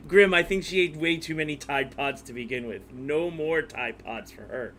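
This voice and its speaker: A man's voice: a little high, unhurried, pushed and bright, slight background noise. A man hosting a casual commentary over court clips, joking and mocking. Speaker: commentary host.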